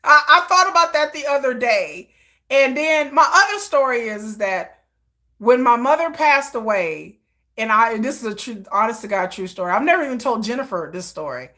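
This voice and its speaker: A woman hosting a livestream, chatting casually and telling animated personal stories, acting out quotes and laughing often. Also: fairly high pitch, normal speed. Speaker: livestream host. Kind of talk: casual chat.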